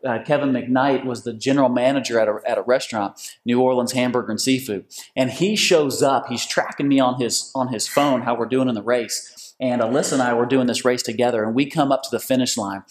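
Energetic preacher man. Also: mid-range voice, brisk. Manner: energetic, excited. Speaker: pastor. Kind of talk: sermon.

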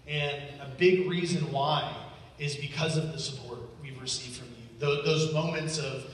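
A man's voice: a little high, steady tone, normal speed. Guy giving a heartfelt thank-you testimony at church, sounds far off and echoey with faint room hum. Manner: earnest, grateful, chuckles between thoughts. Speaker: guest speaker thanking a church. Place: large church hall.

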